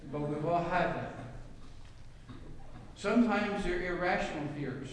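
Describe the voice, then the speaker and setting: A pastor preaches a sermon, reading scripture and sharing anecdotes while posing rhetorical questions to his congregation. His voice sits high. It's recorded in an echoey hall from a distant mic, with slight background noise.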